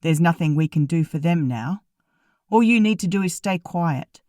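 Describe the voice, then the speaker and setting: A woman reading an audiobook, voicing a worried older male doctor who speaks firmly and slowly. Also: fairly low pitch, animated, warm tone, no room sound, studio quality, lightly acted. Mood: insistent.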